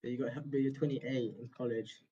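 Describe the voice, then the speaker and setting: A man's voice: mid-range voice, little pitch movement, brisk, mellow, husky. Blunt mocking man on a muffled call. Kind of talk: casual voice-chat banter. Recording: muffled lo-fi voice chat.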